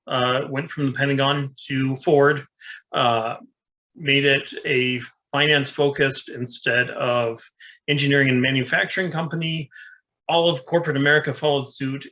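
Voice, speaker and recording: A man's voice: mid-range voice, bright, forceful tone, rough recording. A man co-hosting a casual engineering discussion, talking plainly and practically with some fillers. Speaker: co-host.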